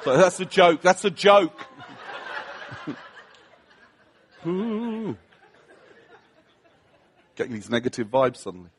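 A man's voice: sits high, very animated, slow pace, long pauses. A middle-aged man preaching a humorous sermon, telling a story against himself, laughing often and acting out the voices of the people in it.

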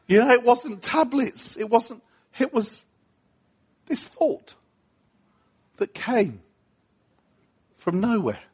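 A man's voice: extremely high pitch, sing-song, a little slow, long pauses, husky. A middle-aged man preaching a humorous sermon, telling a story against himself, laughing often and acting out the voices of the people in it.

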